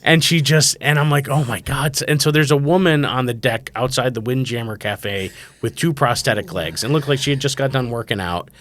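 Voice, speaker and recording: This podcast host, a man in his thirties with a medium-pitched voice, speaks a little fast with hardly any pauses. In casual comedic chat, he spins funny stories and performs the voices of everyone he quotes.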